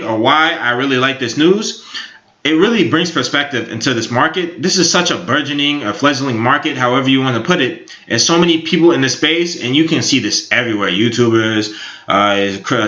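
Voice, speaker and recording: A crypto YouTuber in his twenties, with a mid-range, bright voice and forceful tone, offers rambling, upbeat casual commentary on crypto markets packed with fillers. The room is echoey and the sound dull and lo-fi.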